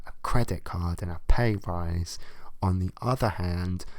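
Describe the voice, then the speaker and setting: A man with a very low voice, ranting through advice letters with blunt, sweary sarcasm. His voice sounds close and dry, with no room echo. He delivers the comic reading as a host. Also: measured pace.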